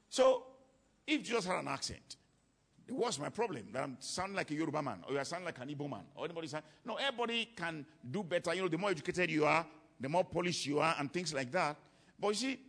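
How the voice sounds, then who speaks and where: A man preaches in an emphatic sermon voice, often saying a line twice for weight. His voice sits a little high for a man and carries a husky, breathy grain. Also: fairly bright tone. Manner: emphatic, repeats key lines. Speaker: preacher teaching on ministry.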